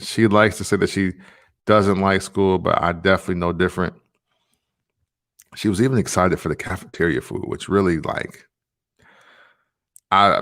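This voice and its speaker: Laid-back deep-voiced man vlogging. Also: a bit bright. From Tennessee, USA. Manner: laid-back, rambling, with many fillers. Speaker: vlog host. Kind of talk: casual talking-to-camera vlog.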